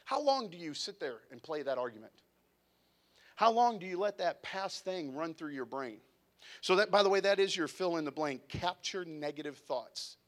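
High-pitched guy preaching at church, animated, chatty, gets real quiet sometimes. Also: moderate pace. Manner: animated, conversational preaching with sudden drops to a hush. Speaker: pastor. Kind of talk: sermon. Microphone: handheld mic, sometimes set down.

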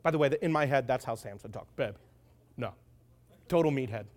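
A man's voice: mid-range voice, animated, quick pace, darkish tone. A man preaching a sermon as conversational, joking storytelling, with asides to the audience.

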